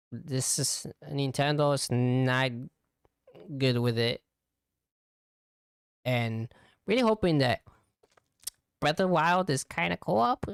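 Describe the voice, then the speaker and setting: A man's voice: a little high, smooth, no room sound, studio quality. A young man hosting a casual solo podcast as a VTuber, rambling with lots of fillers.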